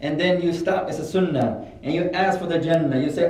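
A man giving a religious lesson, telling stories in a relaxed, lively way and acting out what people said. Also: a little high, a little fast. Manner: relaxed, animated storyteller, acts out quotes. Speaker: religious teacher. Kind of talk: classroom lesson with storytelling. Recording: echoey room, mic far off.

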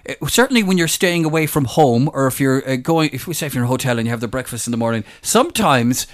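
A man's voice: mid-range voice, lively intonation, fast talker. An Irish man co-hosting a casual chat, playful and joking as he steers the topic. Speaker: podcast co-host.

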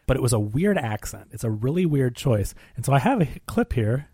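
Animated man, dry close sound. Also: medium pitch, brisk, slightly rough, dry recording. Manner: animated, emphatic opinions. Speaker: podcast host. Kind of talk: casual film discussion.

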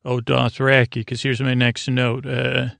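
A man's voice: medium pitch, flat delivery, measured pace, gravelly, fairly bright tone, no echo. A male podcast host giving a casual, rambling recap of a TV episode and often correcting himself mid-sentence. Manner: rambling, loose, self-correcting.

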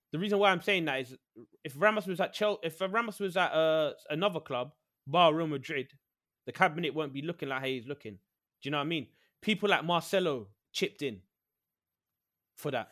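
A man in a casual podcast debate, excitable and pleading, talking over the others. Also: a little high, brisk. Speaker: podcast panelist, Liverpool fan.

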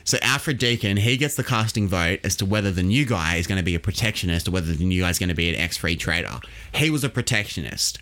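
Australian man, deep-ish voice, casual explainer, quizzes co-host, podcast host. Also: expressive, fast, few pauses, fairly bright tone. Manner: lecturing, quizzes his co-host with questions.

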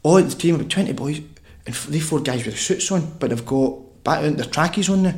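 A man's voice: fairly high pitch, animated, a little fast, darkish tone. A Scottish man telling a funny story as a podcast guest, laughing and swearing as he goes. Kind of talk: casual storytelling.

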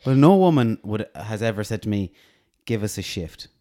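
A man's voice: lowish voice, animated, normal speed, mellow. A man hosting a podcast, teasing his guest with playful banter. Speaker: podcast host. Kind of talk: casual podcast chat.

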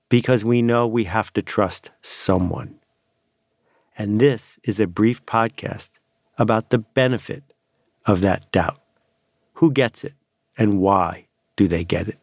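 A man hosting a podcast, narrating a scripted essay in a measured way with dramatic pauses. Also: on the low side, dry recording, studio quality. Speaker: podcast host.

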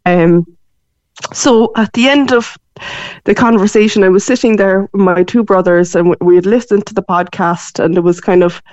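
A woman of forty with a Cork accent, chatting as a guest in a lively storytelling way. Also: mid-range voice, normal speed, dry recording, lo-fi sound. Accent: Irish, Cork. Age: 40s. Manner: animated storytelling, voices her mum's lines. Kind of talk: casual phone interview.

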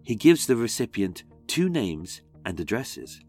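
A man's voice: fairly low pitch, sing-song, a little slow, a little mellow, breathy edge, faint music behind. A man narrating a scripted talk with sarcastic, theatrical asides. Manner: mocking, theatrical. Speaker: podcast host.

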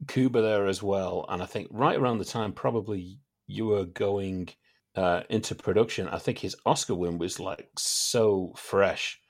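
A man hosts a casual podcast, asking his guest chatty questions. His voice is low and sits near the bottom of the usual male range. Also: measured pace. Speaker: podcast host. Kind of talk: casual interview chat.

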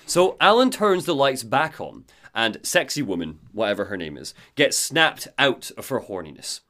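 Animated man recapping a game. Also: lowish voice, moderate pace. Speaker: podcast host recapping a game. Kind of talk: casual chat.

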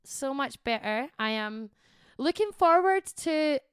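A woman's voice: high voice, expressive, slow pace, dry recording, clean studio sound. A young woman co-hosting a podcast in casual chat, chatty and giggly, swearing now and then. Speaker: podcast co-host.

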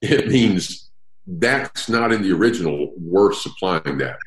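Deep-voiced and unhurried, this Bible teacher brings energy to an interactive study, walking through verses and asking his group questions. The recording is low quality, with an echoey room.

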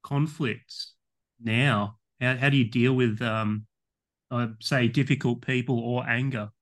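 Male podcast host, mid-pitched, casual, hesitant questioner. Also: fairly even intonation, unhurried, fairly bright tone. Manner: hesitant questions with fillers and restarts. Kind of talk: casual interview.

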